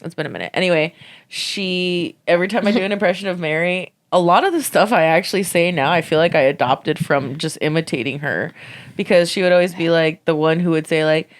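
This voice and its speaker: A woman in her twenties telling stories in casual podcast chat, swearing freely and acting out the people she quotes. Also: fairly quick. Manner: animated, swears a lot, acts out quotes in loud high bursts. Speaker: podcast co-host.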